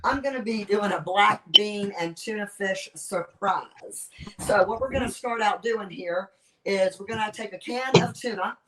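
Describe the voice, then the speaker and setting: A woman's voice: medium pitch, unhurried, crowd noise, low-quality recording. A woman with a Southern US accent, a guest chef chatting her way through a cooking demonstration on a video call and narrating each step with enthusiasm. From Southern United States. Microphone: video call microphone.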